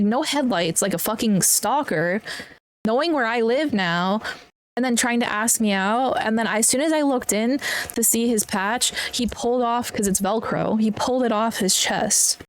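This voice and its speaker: A young woman hosting a podcast, telling a personal story bluntly with lots of swearing and plain upset. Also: on the high side. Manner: blunt and heavily profane, upset while recounting. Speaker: podcast host.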